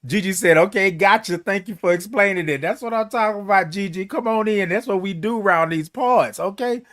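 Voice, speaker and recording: A man's voice: sits high, fairly quick, a bit bright, no echo, clean studio sound. A man hosting a morning livestream, chatting casually with viewers in a playful, flamboyant way and stretching out his greetings. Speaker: host of a morning livestream show. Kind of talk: casual livestream chat reading viewer comments.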